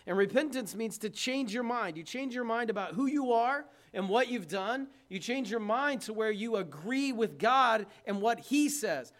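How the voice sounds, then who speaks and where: A man preaching a sermon in a conversational way, asking the congregation questions and swinging from loud emphasis to hushed tones. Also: very high voice, animated, normal speed, few pauses.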